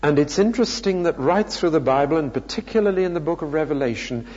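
Male preacher, measured Bible teaching; dull recording with long hall reverb. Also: fairly high pitch, lively intonation, darkish tone. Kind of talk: sermon.

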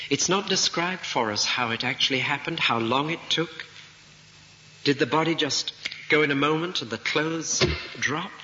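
A man's voice: mid-range voice, bright, forceful tone. A male preacher giving a sermon, retelling a story vividly and asking rhetorical questions. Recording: dull recording in a reverberant hall, faint noise.

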